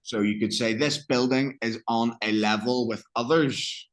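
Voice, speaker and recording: A man's voice: mid-range voice, fairly even intonation, unhurried, rough recording. A man teaching an English lesson, who explains phrases, reads practice dialogue and keeps checking that his student understands. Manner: encouraging, checks understanding often.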